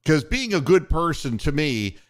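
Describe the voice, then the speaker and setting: An older man hosts a sports talk show in a rambling, profane storytelling manner. His voice sits a little high and swings through a very animated range of pitch. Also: moderate pace. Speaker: podcast host and former radio station boss.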